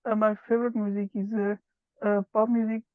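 A woman's voice: medium pitch, little pitch movement, dry recording. Hesitant woman learner on a tinny line. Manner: hesitant, halting, many pauses and fillers. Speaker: English learner taking a test. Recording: tinny, phone-like call audio.

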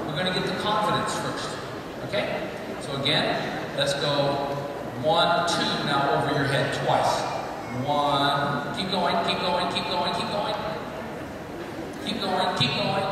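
A man working as a horse trainer, coaching a rider through a live demonstration before an audience, counting out loud and repeating short commands. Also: on the high side. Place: large indoor arena at a horse fair. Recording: echoey arena hall from far off with noise.

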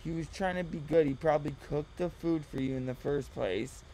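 A man's voice: a little high, fairly quick, dark tone, slight background noise, low-quality recording. A man giving mocking reaction commentary, sarcastic and exasperated.

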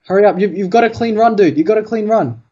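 A man's voice: high-pitched, fast talker, highs cut off, heavy background noise. A man playing a video game, talking casually and urgently cheering on his partner. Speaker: gamer. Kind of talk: casual gaming commentary.

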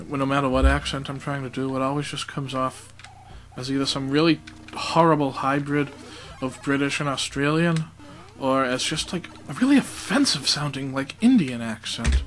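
A man talks his way through a video game in a loose, joking commentary, his voice sitting at an ordinary middle pitch. He pokes fun at himself between moves, and faint game music plays underneath. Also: a bit bright, poor audio. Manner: chatty, joking, self-mocking asides. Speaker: let's play commentator. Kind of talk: casual gameplay commentary.

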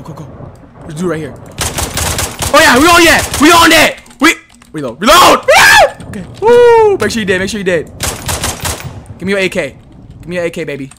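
A man doing excitable, slangy gameplay commentary, muttering one moment and yelling the next. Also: extremely high pitch, background noise. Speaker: gaming YouTuber. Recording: gunfire from the game behind.

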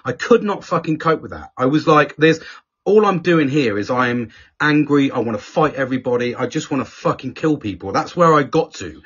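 A man's voice: mid-range voice, animated, normal speed, fairly bright tone, husky. A man telling personal stories in a candid conversational chat. He swears constantly and often restarts his sentences. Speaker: podcast guest speaker. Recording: dull lo-fi audio.

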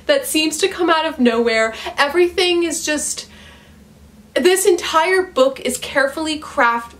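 Woman, home vlog, exasperated profane book rant, bright higher voice. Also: a little hiss or hum. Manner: exasperated, profane, laughing ranting. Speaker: book reviewer. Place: at home, dog nearby.

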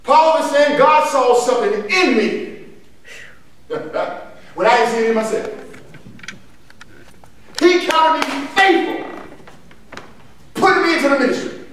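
A high, animated male pastor, preaching call-and-response style in a church. He repeats his lines for emphasis. The sound is echoey and picked up from far off, with some noise behind. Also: a little slow, pauses often. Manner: emphatic, repeats phrases, laughs between points. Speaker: pastor leading a Bible lesson. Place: church sanctuary.

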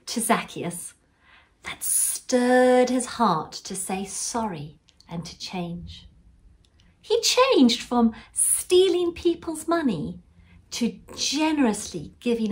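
A woman leading a school assembly, gently asking children reflective questions. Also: on the high side.

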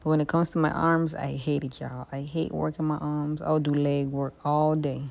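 Young woman, vlogger, low mellow voice, chatty laid-back narration. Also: flat delivery, moderate pace, vocal fry. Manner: chatty, laid-back, keeps saying "y'all". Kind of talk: casual voice-over narration.

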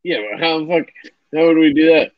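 A man's voice: fairly high pitch, flat delivery, brisk, no echo. A young man hosting a casual livestream chat, rambling and swearing with lots of fillers. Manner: laid-back, swearing, rambling with many fillers. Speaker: livestream host. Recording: dry, dull lo-fi sound.

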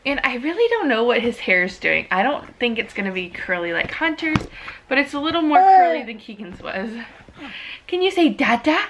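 A young woman, a mom, chatting casually in a home video about her baby, sick at the moment, and sometimes cooing to him in a high sing-song voice. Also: big pitch swings, fairly quick, fairly bright tone, slight background noise. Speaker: mom vlogger. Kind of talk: casual baby update vlog. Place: home living room. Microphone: camera on a tripod.

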